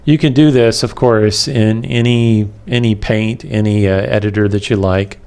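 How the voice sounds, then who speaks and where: A man teaching a web development lecture over a screen capture, talking in a slow, halting way with many fillers and pauses while he has the hiccups. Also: on the low side, fairly even intonation, darkish tone, smooth.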